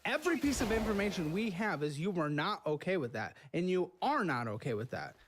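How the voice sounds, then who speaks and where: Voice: mid-range voice, very animated, fairly quick, background noise. A host presses a guest with exasperated, interrogating questions. The voice swings widely up and down as the challenges pile on. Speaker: show host. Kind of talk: confrontational interviewing.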